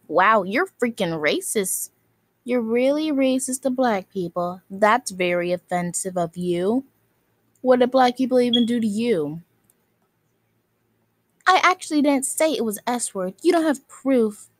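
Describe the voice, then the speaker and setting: A woman's voice: a little high, animated, unhurried, no room sound. A woman delivering an angry, scolding rant at other video makers, insulting them and circling back to the same phrases. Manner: scolding, insulting, repeats itself.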